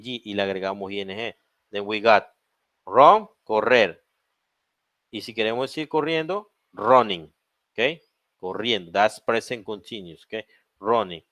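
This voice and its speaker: Bilingual male teacher, low dry voice. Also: a bit bright, no echo. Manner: explains in English then repeats in Spanish, many "okay?" checks. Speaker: English teacher. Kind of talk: bilingual grammar lesson.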